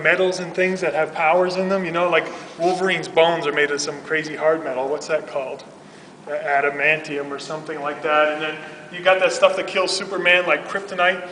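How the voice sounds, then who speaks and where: Bright-voiced youth minister giving a talk. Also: male voice, on the high side, slight background noise. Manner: chatty, humorous, filler-heavy. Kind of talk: casual religious talk. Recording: roomy hall from far off.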